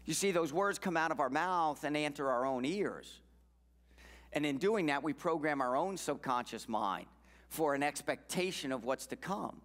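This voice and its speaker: A man's voice: fairly high pitch, animated, normal speed, a bit bright. A man giving an earnest, emphatic motivational talk at a church men's event, repeating key phrases. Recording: long reverb in a church hall.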